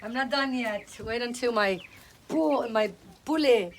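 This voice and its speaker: A woman with a high, bright-sounding voice talks casually outdoors while she tends her backyard chickens. She coos softly and fondly at the hens. The phone recording carries clear background noise and clucking. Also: unhurried. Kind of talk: casual chat. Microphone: phone held by companion.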